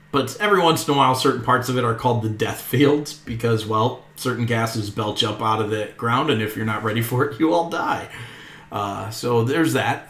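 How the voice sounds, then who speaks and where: A man's voice: mid-range voice, a bit bright, echoey room. A man narrating as game master of a tabletop game, in an easygoing way with chuckles and fillers.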